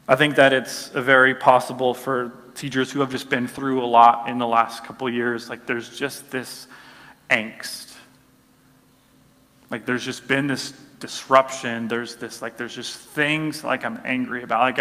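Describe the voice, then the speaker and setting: A pastor delivers a sermon in a relaxed, talky way and leans on "like" as he goes. His voice sits in a middle register. The sound carries the long reverb of a church hall. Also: medium pitch. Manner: conversational, uses many "like" fillers and acts out little quoted voices.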